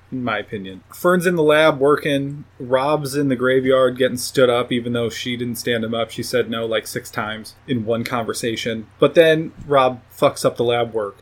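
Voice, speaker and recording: A man giving a casual, rambling, profane recap of a movie plot, often laughing at his own jokes. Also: medium pitch. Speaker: movie reviewer.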